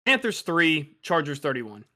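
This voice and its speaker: A man's voice: a little high, very animated, measured pace, pushed and bright. A young man co-hosting a casual sports podcast, stammering and restarting his sentences, full of fillers. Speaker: podcast co-host.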